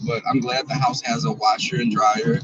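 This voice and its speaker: A man's voice: medium pitch, little pitch movement, normal speed, recorded from a distance, dull audio, background noise. A man, chatting casually and bawdily to viewers while he drives. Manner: chatty, bawdy and playful, talks to viewers and reads out their comments. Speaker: vlogger. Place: in a car.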